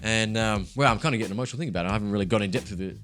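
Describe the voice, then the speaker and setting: Casual low-voiced man. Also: very fast, a bit bright, soft background music. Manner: candid, swears freely, laughs through his story. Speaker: podcast co-host. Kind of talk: casual chat.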